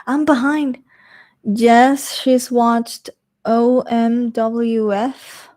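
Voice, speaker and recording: Slow-talking chatty woman. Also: a little high, little pitch movement, a little mellow. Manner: chatty, laughs often, reads comments aloud. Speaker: streamer reading live chat. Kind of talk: casual live-stream chat.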